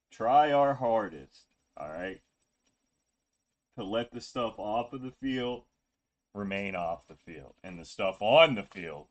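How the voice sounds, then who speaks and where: A man streaming a video game, chatting casually in a rambling, joking, low-key way. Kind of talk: casual gameplay stream chat.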